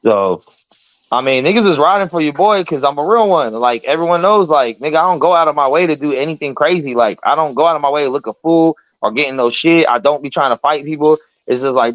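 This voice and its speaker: A man hosting a casual talk show, telling a story in an animated, profane way and acting out the voices of the people in it. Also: a little high, quick pace, dry recording, muffled recording. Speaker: podcast host.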